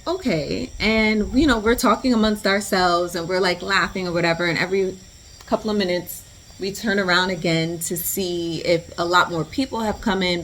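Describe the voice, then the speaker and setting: A woman vlogger telling a story in a lively, slangy way, full of "like" and asides to the viewer. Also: medium pitch, a little hiss or hum. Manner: animated, slangy storytelling with lots of "like". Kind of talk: storytime vlog.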